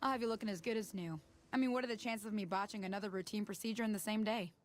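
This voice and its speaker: An actress playing a careless, wisecracking frontier doctor in a video game. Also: female voice, medium pitch, rapid-fire, natural voice. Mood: breezy.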